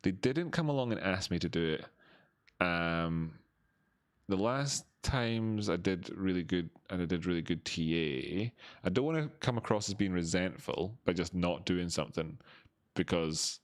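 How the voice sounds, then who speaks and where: Man, fairly low voice, chatty, self-mocking streamer reading chat, talking into a desk mic. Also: measured pace. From Scotland. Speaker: crypto livestream host. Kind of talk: rambling casual livestream chat.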